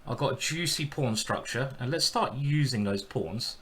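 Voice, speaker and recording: A man's voice: mid-range voice, animated, moderate pace, a bit bright. A man giving casual live-stream commentary while playing chess, chatty and thinking aloud.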